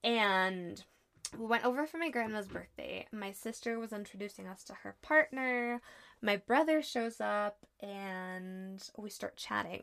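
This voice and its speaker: A woman's voice: medium pitch, creaky, a bit bright, clear, resonant tone. A woman in her twenties casually telling a personal story to her viewers, chatty and sarcastic, with lots of fillers. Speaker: vlogger.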